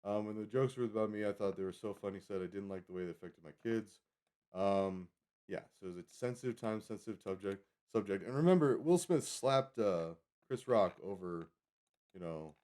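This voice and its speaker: A man's voice: lowish voice, a little mellow. A man in his thirties chatting casually on a live stream, rambling from topic to topic and correcting himself as he goes. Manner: chatty, digressive, self-correcting.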